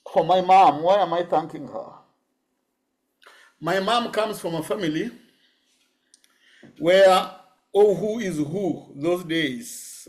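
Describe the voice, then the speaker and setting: A middle-aged Kenyan man giving a public lecture, telling personal stories in a lively way. He laughs often and sometimes switches into Swahili. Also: on the high side. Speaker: guest lecturer.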